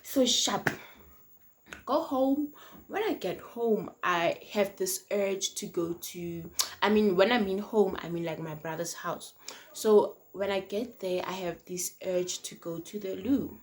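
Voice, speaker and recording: A young South African woman telling a casual storytime on her vlog, animated and slangy, swinging between loud and hushed. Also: medium pitch, slow pace. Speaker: vlogger. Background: faint noise from outside.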